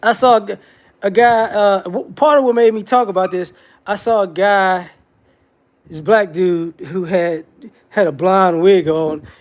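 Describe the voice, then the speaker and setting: A man's voice: high voice, steady tone, unhurried. A man giving a casual, rambling commentary monologue with frequent restarts and repetitions.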